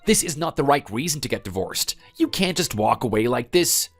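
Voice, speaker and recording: A man voicing a defensive, lively husband. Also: mid-range voice, brisk, vocal fry, breathy edge, faint music behind, full character voice. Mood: pleading. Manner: defensive, then pleading. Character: defensive husband pleading to save his marriage. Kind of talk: text-message story dramatization.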